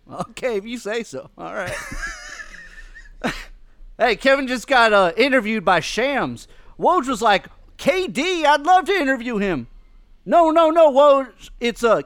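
A podcast host putting on a relaxed comedian with a mock southern drawl, roasting people with jokes and frequent laughs. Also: male voice, extremely high pitch, no echo, exaggerated voice.

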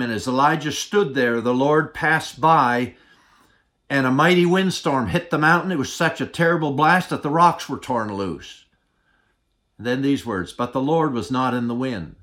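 Slow, deliberate male preacher. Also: mid-range voice. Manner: slow, deliberate delivery with dramatic pauses; drops to a soft, hushed voice for tender points. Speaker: pastor. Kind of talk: sermon.

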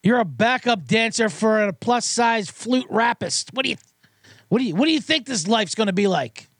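A man's voice: sits high, animated, moderate pace, fairly bright tone, no echo, clean studio sound. A man hosting a podcast, ranting in a profane, sarcastic and rambling way with many restarts. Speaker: podcast host. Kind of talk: comedic rant.

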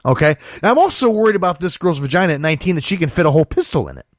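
A male host riffs on odd news stories with sarcasm and plenty of profanity. His pitch swings a lot as he talks. The sound is dry and close, with no room echo. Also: racing. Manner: sarcastic, profane, animated storytelling. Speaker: show host. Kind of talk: casual comedic news commentary.

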